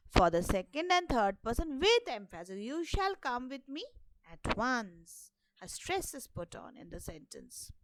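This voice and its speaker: Slow high-voiced Indian English woman teaching. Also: heavy background noise. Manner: patient, repeats each point and says "okay" often. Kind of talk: classroom grammar lesson.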